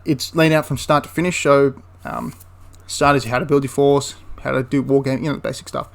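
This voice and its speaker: A man's voice: medium pitch, steady tone, fairly quick, vocal fry, hardly any pauses. A man giving a casual, enthusiastic spoken review of a tabletop wargame, rambling into asides and restarting his sentences.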